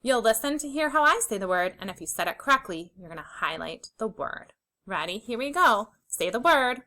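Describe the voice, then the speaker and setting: A young adult woman teaching a phonics lesson to young children, sounding out letters slowly and clearly with encouraging praise. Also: on the high side, animated, pushed and bright, rough recording.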